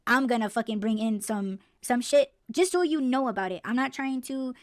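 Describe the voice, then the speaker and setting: Give me a blunt, foul-mouthed woman podcaster on a heated rant, slightly high voice, recorded dry and close. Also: animated, normal speed, dry recording. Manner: blunt, heated, swears freely. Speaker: podcast host.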